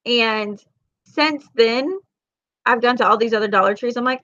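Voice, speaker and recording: A woman's voice: fairly high pitch, normal speed, no room sound, muffled recording. A woman, chatting casually on a livestream, telling rambling stories and reading viewer comments. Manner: chatty, rambling, animated storytelling with Southern colloquialisms. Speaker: livestream vlogger and mom.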